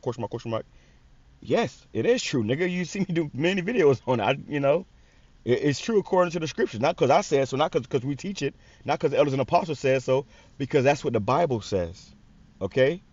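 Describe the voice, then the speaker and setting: A man's voice: medium pitch, fairly quick, a little mellow, no room sound. A man hosting a casual commentary video, reading scripture and viewer comments in a blunt, profane way with many stammered restarts. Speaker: religious commentary channel host. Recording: dry, dull lo-fi sound.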